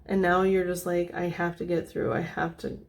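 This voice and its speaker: Soft-spoken woman giving a rambling tarot reading. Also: fairly low pitch, little pitch movement, moderate pace, vocal fry. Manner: meandering, thinking aloud with many fillers. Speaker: tarot reader.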